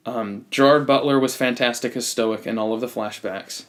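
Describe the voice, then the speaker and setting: A man's voice: medium pitch, fairly even intonation, normal speed, fairly bright tone. A man with a mid-range voice chats casually about a film on a podcast. He is blunt and opinionated, often stumbling and restarting his phrases. He keeps an everyday conversational tone. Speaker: podcast host. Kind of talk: casual movie review chat.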